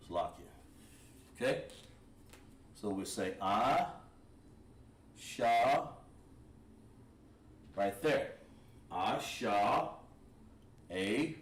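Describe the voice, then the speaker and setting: A man's voice: lowish voice, recorded from a distance. Patient male teacher in echoey room. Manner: patient, encouraging, repeats words slowly. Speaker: Hebrew language teacher. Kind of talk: classroom lesson at a board.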